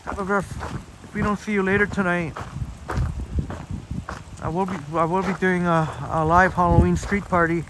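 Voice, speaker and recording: A man's voice: high-pitched, level tone, moderate pace, pauses often. A Canadian man live-streaming on his phone while walking park trails, chatting casually and reading out viewer comments with many fillers. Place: outdoor nature trails in a park. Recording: outdoor noise behind voice.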